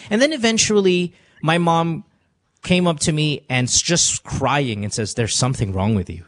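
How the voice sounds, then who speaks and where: A man hosting a call-in podcast from a studio, talking earnestly and confessionally, repeating himself as he gives advice. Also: mid-range voice. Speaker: podcast host. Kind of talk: emotional call-in advice talk. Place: radio studio.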